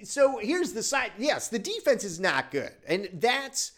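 A man from Wisconsin with a high, sing-song, fairly bright voice speaks at a measured pace. He hosts a casual sports podcast and rants in an exasperated, profane way.

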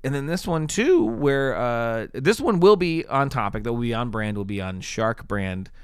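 A man co-hosting a casual podcast chat, excitable and quick to laugh, often restarting his sentences. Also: medium pitch, clean tone, no echo, studio quality. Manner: excitable, talks over himself with restarts and laughs. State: has the hiccups. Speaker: podcast co-host.

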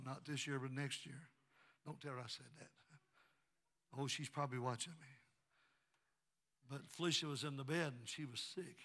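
A man, preaching a sermon and telling stories, swinging from quiet narration to shouted praise. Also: medium pitch, slightly rough. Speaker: pastor. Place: church sanctuary.

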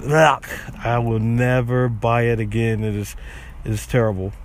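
A man's voice: mid-range voice, little pitch movement, normal speed. A man hosting a casual podcast, chatting in a rambling way with many restarts. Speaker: podcast host. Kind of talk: casual chat.

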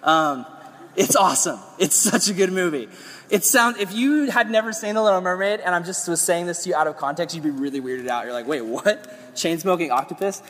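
Man, sermon, casual energetic preaching, high voice, losing his voice, long hall echo. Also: brisk. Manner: energetic, conversational preaching with playful asides.

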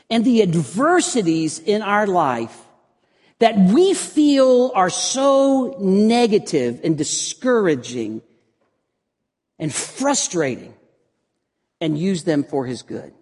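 A middle-aged man preaching a sermon as pastor, telling stories with lively animation and dropping to a hushed voice for prayer. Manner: animated storytelling, voice drops low and quiet for prayer. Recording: long reverb in a large hall.

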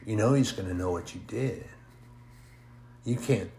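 A man voicing the devil's minions in a sing-song, falsely sweet voice that drops to a hush. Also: lowish voice, unhurried, gravelly, echoey room, a little hiss or hum. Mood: mocking, wheedling. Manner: sing-songy, falsely sweet then hushed.

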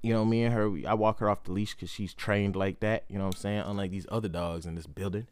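A young man hosting a casual solo podcast, telling stories in a profane, slangy, animated way. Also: fairly low pitch, fast talker, clear, resonant tone. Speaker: podcast host.

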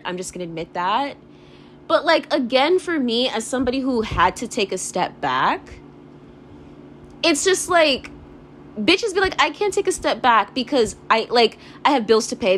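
A young woman ranting to camera in a high voice that rises and falls sharply. She fills her speech with "like" and curses freely as she gets worked up. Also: a bit bright, slight background noise. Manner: rapid, profane, filler-heavy ranting with constant "like". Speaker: vlogger. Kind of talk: ranting vlog monologue.

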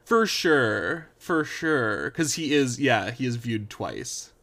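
A man co-hosting a casual podcast, talking through a TV episode. He rambles, circles back and leans on "like" as he goes. His voice sits at an ordinary pitch. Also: very animated, takes it slowly, creaky, fairly bright tone. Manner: rambling, with frequent "like" fillers and sighs. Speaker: podcast co-host. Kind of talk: casual chat recapping a TV show.

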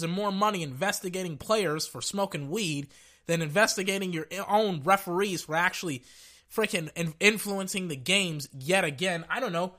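A man's voice: sits high, pushed and bright. A man giving a profane, exasperated rant about football refereeing, reading out quotes and then venting. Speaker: sports commentator. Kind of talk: angry sports rant.

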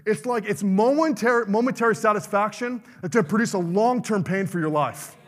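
A man's voice: high voice, a little fast, in a large hall. A middle-aged male pastor preaching a fervent sermon, calling out to the congregation for amens.

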